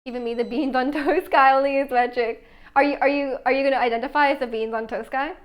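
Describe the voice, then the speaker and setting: High-voiced chatty streamer woman. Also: steady tone, quick pace. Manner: chatty, reads chat aloud, many "like" fillers. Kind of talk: casual live-stream chat while baking.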